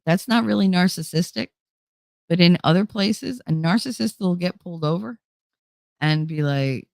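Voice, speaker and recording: This livestream host's voice is on the low side and darkish, with vocal fry at a normal speed on a dry recording. Chatting casually, she answers viewers with blunt talk and plenty of swearing, acting out quoted people.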